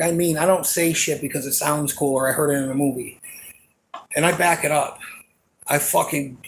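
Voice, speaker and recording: A man's voice: on the high side, fairly bright tone, slight background noise. A man in his forties venting in an emotional, rambling monologue, angry and profane, full of fillers. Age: 40s.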